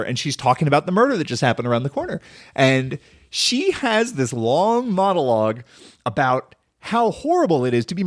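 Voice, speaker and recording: A man's voice: fairly high pitch, fairly bright tone, no room sound, clean studio sound. A man hosting a casual solo film podcast, rambling and enthusiastic, full of "like" and "um". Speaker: podcast host.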